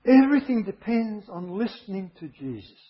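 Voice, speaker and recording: A man delivers a sermon in a slightly high, husky voice, driving points home by repeating them. The recording is dull and muffled. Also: sing-song, normal speed. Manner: emphatic, repeats key phrases. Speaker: preacher.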